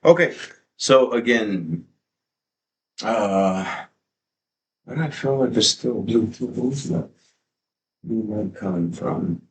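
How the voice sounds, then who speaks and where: Deep-voiced excitable streamer man. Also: slow pace, long pauses, slight background noise. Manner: excitable, profane and rambling. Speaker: livestream host. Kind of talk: casual livestream chat. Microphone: desk microphone.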